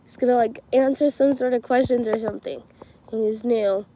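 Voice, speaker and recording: A woman's voice: a little high, fairly even intonation, a little fast, dark tone, a little hiss or hum, rough recording. A teenage girl telling stories on a livestream in a casual, chatty way, giggling often and filling her talk with "like" and "um". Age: teens. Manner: chatty, giggly, many fillers like "like" and "um".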